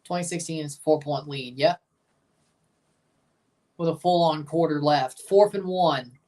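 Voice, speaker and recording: A woman hosting a live game watchalong, giving chatty, blunt reaction commentary and bursting into excited cheers. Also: low-pitched, unhurried, distant mic. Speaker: livestream watchalong host.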